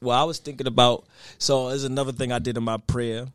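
A man's voice: medium pitch, level tone, brisk, clean tone, no echo. A young man, a guest rapper, chatting casually on a podcast and telling his story with loose asides and frequent "you know what I mean.".

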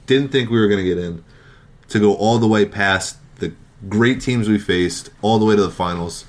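A man's voice: fairly low pitch, moderate pace. A man co-hosting a casual sports podcast, sarcastic and self-deprecating. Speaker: podcast co-host.

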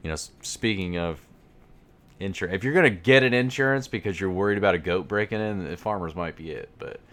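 A man's voice: low voice, fast talker, a bit bright. A man co-hosting a podcast in casual chat, reading ad copy with playful emphasis and laughing often. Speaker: podcast co-host.

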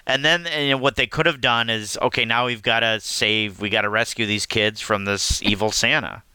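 A man's voice: fairly low pitch, fairly even intonation, normal speed, sharp tone, smooth, no room sound. A man in casual chat about a movie, hesitant, trailing off and restarting his sentences. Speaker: movie discussion co-host.

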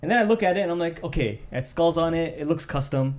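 Animated young man telling a story. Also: fast. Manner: animated, acts out quotes with raised pitch. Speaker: podcast co-host. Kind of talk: casual storytelling chat.

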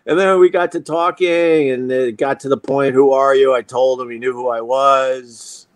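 A middle-aged man hosting a talk show, telling a story in a casual, animated, profane way and acting out other people's lines. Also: mid-range voice, moderate pace.

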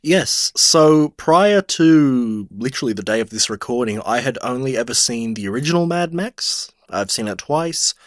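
A man from Poland co-hosting a film podcast, unhurried and deadpan. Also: mid-range voice, dry recording, studio quality. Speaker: podcast co-host. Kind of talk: casual chat.

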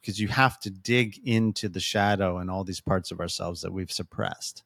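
A man's voice: sits low, normal speed, gravelly, a bit bright, dry recording. A man co-hosting a podcast, explaining ideas thoughtfully with frequent restarts. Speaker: podcast co-host. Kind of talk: casual podcast discussion.

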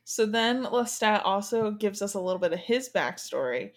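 A woman hosting a podcast, recapping in a chatty, relaxed way. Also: mid-range voice, normal speed. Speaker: podcast host.

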